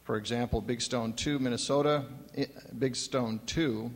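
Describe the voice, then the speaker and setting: A man's voice: medium pitch, steady tone, normal speed, a little hiss or hum. A man speaks as a panelist at a conference, working through notes he wrote down and slipping in dry jokes. His voice rings out with a long reverb from a large hall. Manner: dry humor, reads from notes. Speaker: panelist commissioner. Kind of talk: prepared remarks on a panel.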